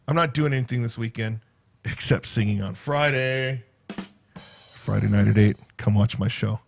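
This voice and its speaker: Faint music sits behind a middle-aged vlogger speaking at normal speed in a mid-range voice with vocal fry. He rambles casually to camera, linking stories with constant "right?" and "okay?"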